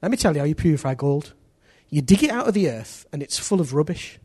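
A middle-aged man preaching a sermon in an animated way, acting out voices and swinging from loud to hushed. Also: fairly high pitch, fast, slightly rough.

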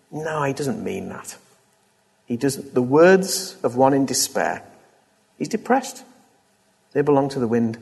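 A man delivers a sermon in a husky, slightly high voice, pressing his points home through fervent repetition. His words ring out with the long reverb of a large hall. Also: lively intonation, moderate pace, a little mellow. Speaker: preacher.

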